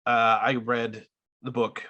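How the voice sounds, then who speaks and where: Brief: male podcast host, keen fan, forceful bright tone. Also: medium pitch, monotone, slow, dull audio. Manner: eager fan, setting up questions. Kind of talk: casual podcast interview.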